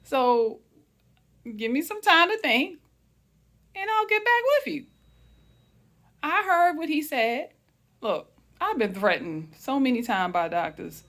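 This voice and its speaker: With a high voice marked by big swings in pitch, a wellness channel host recounts something personal in an unhurried, thoughtful way. She often addresses her viewers as family and lets her sentences fade into hushed pauses.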